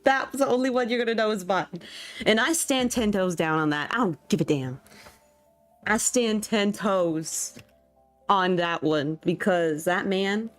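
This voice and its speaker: A woman's voice: mid-range voice, moderate pace, faint music behind. A young woman streaming and chatting casually with her viewers. She reacts to chat and laughs often.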